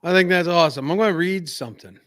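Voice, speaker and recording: A man's voice: sits high, quick pace, fairly bright tone, dry recording, clean studio sound. An American man co-hosting a podcast, talking in an earnest, emphatic, somewhat preachy way. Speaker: podcast co-host. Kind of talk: casual podcast talk.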